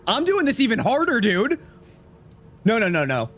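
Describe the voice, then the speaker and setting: Young man, live game stream, excitable, teasing, chats with viewers, lively up-and-down voice. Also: extremely high pitch, normal speed. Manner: excitable, teasing, banters with chat. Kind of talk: live gameplay commentary.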